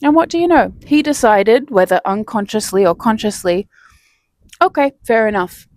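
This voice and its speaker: A woman's voice: fairly high pitch, lively intonation, moderate pace, darkish tone. Woman vlogger, chatty and laughing. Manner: chatty, laughs between phrases. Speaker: self-help vlogger. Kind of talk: casual storytelling to camera.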